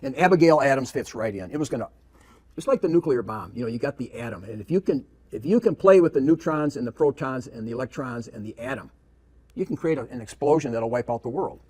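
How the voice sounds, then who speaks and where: A man's voice: mid-range voice, animated, fast, darkish tone. A man preaching emphatically, firing off rhetorical questions and repeating his points. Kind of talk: preaching lecture with read-aloud quotations.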